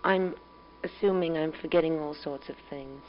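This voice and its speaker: Young mother, low voice, calm and tender, reflective spoken letter on a muffled home tape with a faint hum. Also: moderate pace. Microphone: home tape recorder.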